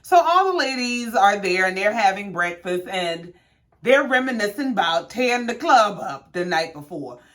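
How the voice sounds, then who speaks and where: A sassy woman in her thirties hosting a casual reality-TV recap. She talks in slang-filled, animated storytelling. Her pitch swings widely as she tells it. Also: normal speed.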